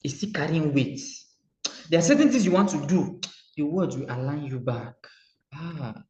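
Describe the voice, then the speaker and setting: Nigerian male motivational coach, slightly high voice, lively and repetitive, muffled roomy recording. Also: moderate pace. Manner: animated, acts out dialogue, repeats phrases.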